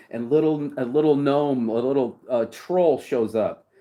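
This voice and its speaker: A man's voice: medium pitch, measured pace, warm tone. A man hosting a casual chat, telling stories in a rambling way, repeating words and swearing freely. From United States. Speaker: host.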